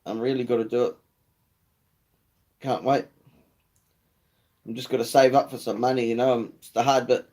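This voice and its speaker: A man's voice: medium pitch, flat delivery, moderate pace, pauses often, a little mellow. Laid-back New Zealand man chatting live. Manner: casual and swearing, slangy with mate and bro. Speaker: livestream host. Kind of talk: casual live chat.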